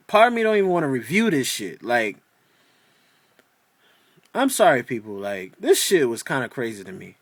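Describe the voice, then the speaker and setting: A man's voice: high-pitched, sharp tone, no room sound. A man ranting in a casual video review of a TV episode, exasperated and profane, rambling with many restarts.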